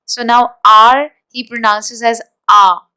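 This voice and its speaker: Clear-voiced woman teaching exam prep. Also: on the high side, fairly even intonation, fairly bright tone, low-quality recording. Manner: deliberate, explanatory, spells words out. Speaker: IELTS teacher.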